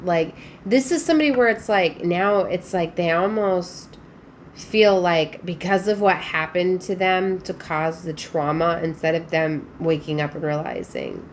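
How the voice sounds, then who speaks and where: A woman's voice: lowish voice, lively intonation, unhurried, a little hiss or hum. A woman giving a casual spiritual tarot reading, chatty and emphatic, with frequent fillers. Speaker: tarot reader.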